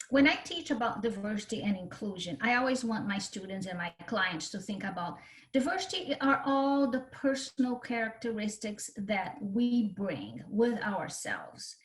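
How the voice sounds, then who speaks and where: A woman's voice: mid-range voice, expressive, a little slow. A woman from Brazil with a Brazilian Portuguese accent, a guest on a podcast interview explaining her ideas earnestly, sometimes repeating words. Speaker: guest, cultural differences consultant.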